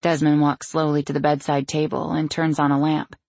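A woman's voice: sits low, flat delivery, fairly quick, vocal fry, a little mellow, no room sound. A woman reading a novel in the first person, with a wry, anxious inner-monologue manner. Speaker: audiobook narrator. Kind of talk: first-person audiobook narration.

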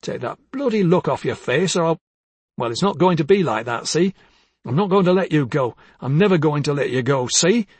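A man's voice: fairly high pitch, expressive, normal speed, slightly rough, no echo. A man reading as a bitter, jealous husband. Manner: bitter, accusing, swings from hushed to harsh. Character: bitter, jealous older husband, bullying and weary. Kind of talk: dramatic audiobook reading.

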